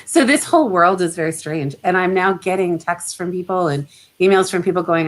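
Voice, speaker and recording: A woman's voice: on the low side, fairly quick, few pauses, poor audio. Chatty middle-aged woman, laughs often. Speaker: guest photographer. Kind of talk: casual chat.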